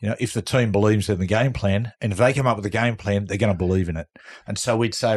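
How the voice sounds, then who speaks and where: A middle-aged Australian former footballer with a fairly low, breathy voice talks fast with few pauses. Guesting on a podcast, he spins casual yarns, acts out the other people's quoted lines, and laughs loudly.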